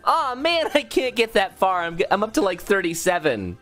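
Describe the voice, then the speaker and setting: A man's voice: high-pitched, very animated, normal speed, fairly bright tone, faint music behind, pitched above the performer's own voice. A man doing a nervous, chipper young robot. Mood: whiny. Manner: chipper, nervous, self-deprecating. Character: awkward, insecure young male robot drone.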